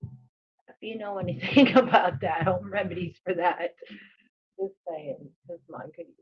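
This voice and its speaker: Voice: medium pitch, measured pace, slightly rough. A livestream guest chatting casually, blunt and swearing freely. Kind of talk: casual chat. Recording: dull lo-fi stream audio.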